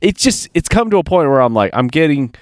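A frustrated man co-hosting a podcast vents bluntly and swears freely. His pitch swings widely from line to line. The recording is dry and close, with no room sound. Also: big pitch swings, fairly quick, dry recording. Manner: blunt, profane, acts out other people's voices in anecdotes. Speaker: podcast co-host. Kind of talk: casual podcast chat.

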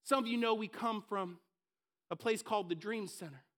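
Energetic high-voiced male preacher. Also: moderate pace. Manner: energetic, conversational, acts out voices. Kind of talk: sermon.

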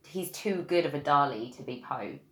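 A woman's voice: sits low, expressive, moderate pace, fairly bright tone. A woman co-hosting a podcast in casual chat, playful and laughing often. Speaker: podcast co-host. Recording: echoey room.

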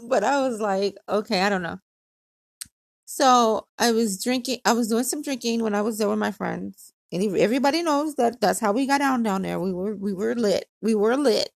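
Gravelly chatty woman telling a story. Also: medium pitch, normal speed, dry recording, clean studio sound. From Hawaii. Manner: chatty, laughs often, acts out quotes. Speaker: podcast host. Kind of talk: casual storytelling monologue.

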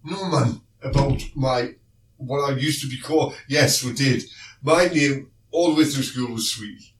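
A man with a South London accent chats on a podcast, jokey and teasing and laughing often. His voice sits at an ordinary middle pitch. The sound is roomy and caught from a distance, with a faint hiss behind it. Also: measured pace. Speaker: podcast co-host, radio presenter. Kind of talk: casual chat.

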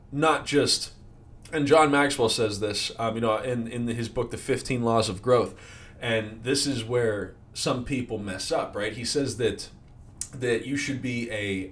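A man in the financial services industry giving a casual motivational talk, often checking in with "right?" and filler words. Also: medium pitch. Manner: conversational, many fillers and "right?" tags. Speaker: sales leader in financial services.

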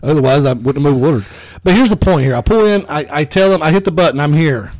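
A man co-hosting a podcast, telling a story in casual comedic chat, animated and swearing. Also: fairly high pitch, quick pace, no echo. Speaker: podcast co-host.

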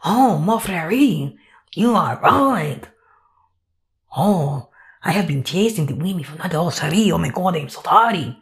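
A woman's voice: fairly low pitch, expressive, unhurried, voice pushed down. A woman putting on a male cartoon skunk with a self-admittedly weak fake French accent, crooning and lilting. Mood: remorseful.

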